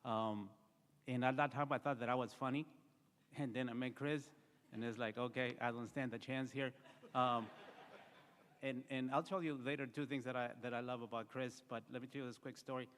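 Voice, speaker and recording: A man's voice: mid-range voice, steady tone, normal speed, fairly bright tone. Guy telling a story at a memorial, earnest, lots of ums, echoey hall. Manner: earnest storytelling, many fillers. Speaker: eulogy speaker. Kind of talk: memorial speech. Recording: reverberant hall.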